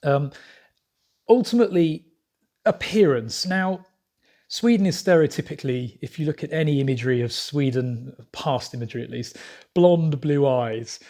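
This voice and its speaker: A man's voice: a little high, moderate pace, warm tone. A man talking casually to camera as a vlogger, rambling with frequent fillers and restarts.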